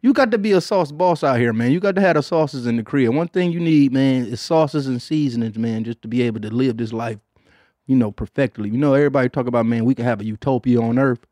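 A man hosts a casual comedy podcast, swearing freely and trailing phrases with "man". His voice sits at a middle pitch and is recorded close and dry, with no room sound. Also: quick pace, mellow, dry recording. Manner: profane, laid-back, filler "man" after most phrases. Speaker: podcast host.

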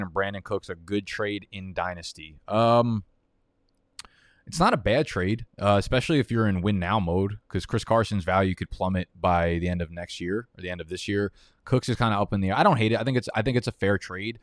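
A man's voice: fairly low pitch, no echo, clean studio sound. A young man streaming live, rambling through fantasy football draft picks in profane, heated rants. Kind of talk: casual live-stream commentary while drafting.

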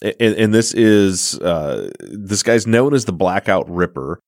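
A man's voice: fairly low pitch, sing-song, measured pace, gravelly, no room sound, clean studio sound. A man hosting a podcast interview, asking friendly questions with hesitant restarts. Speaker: podcast host. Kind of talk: interview chat.

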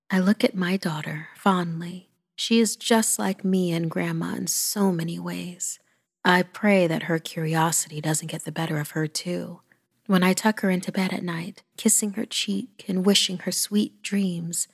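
A woman's voice: lowish voice, gravelly, slightly rough. A woman narrating a first-person horror story, often dropping to a whisper with dramatic pacing.

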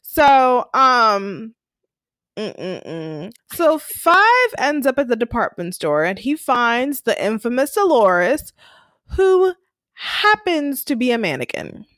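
Woman co-host, lively and expressive recap storyteller, swooping melody. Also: fairly high pitch, slow pace, no room sound. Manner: animated storytelling, acting out character lines. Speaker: podcast co-host. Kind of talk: casual TV recap chat.

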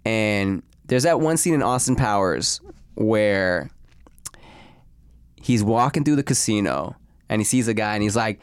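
A man's voice: on the low side, a little slow, pauses often, clear, resonant tone, no room sound, studio quality. A young man telling funny stories in a casual chat, swearing freely and acting out the people in them. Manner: animated, swearing, acts out voices in stories.

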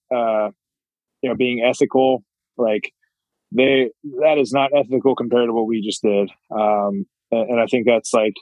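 A young man speaks as a podcast guest in an average-pitched voice. He talks thoughtfully and rambles, filling gaps with "uh" and "you know". The recording is dry and close-miked. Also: darkish tone, dry recording, highs cut off. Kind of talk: casual interview chat.

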